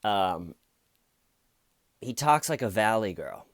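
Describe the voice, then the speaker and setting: Low-voiced man, wry rambling commentary. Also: a little slow, no room sound, studio quality. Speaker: true crime YouTuber. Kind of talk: casual commentary.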